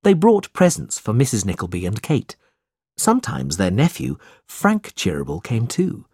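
A man narrating a simple storybook in a plain, measured way. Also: fairly low pitch, huge pitch swings, a little mellow, slightly rough, dry recording, clean studio sound.

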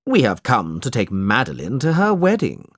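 A man's voice: medium pitch, wildly swooping pitch, moderate pace, dry recording, clean studio sound. A man voicing a cold, scheming uncle in a storybook reading, curt and commanding.

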